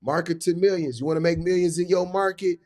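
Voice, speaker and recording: A man's voice: high-pitched, fast talker, a little mellow. A man hosting a live business stream, talking in a hyped, repetitive way with casual slang. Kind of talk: motivational live talk.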